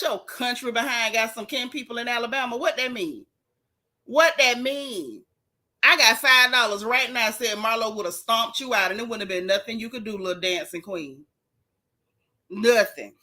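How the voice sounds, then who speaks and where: Sassy, bright-voiced woman gossiping. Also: fairly high pitch. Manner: sassy, animated, reads chat aloud. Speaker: show recap host. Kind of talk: casual gossip commentary.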